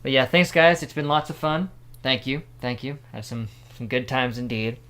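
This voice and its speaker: A man in casual stream chat, relaxed and friendly as he thanks viewers and lists the schedule. His voice sits at an ordinary middle pitch. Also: moderate pace, smooth. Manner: relaxed, friendly sign-offs. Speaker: co-host of a live gaming stream.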